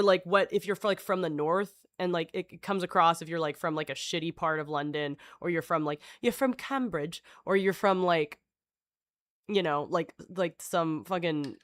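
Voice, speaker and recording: A woman streamer talks loosely to her chat and reads text aloud, with plenty of filler and swearing. Her voice sits in a middle pitch. The sound is close and dry, with no room echo. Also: a bit bright. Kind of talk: casual live-stream chat, reading aloud.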